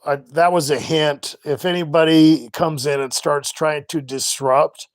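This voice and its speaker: A middle-aged man hosting a live stream, talking casually and rambling with many halting restarts. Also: fairly high pitch, steady tone, dry recording. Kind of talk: casual livestream monologue.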